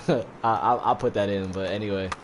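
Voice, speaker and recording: A man's voice: lowish voice, fairly even intonation, normal speed, background noise. A man casually retelling a movie plot in slangy, profane speech, full of fillers and asides. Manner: rambling, heavy fillers, profane. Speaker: streamer recapping a movie while gaming.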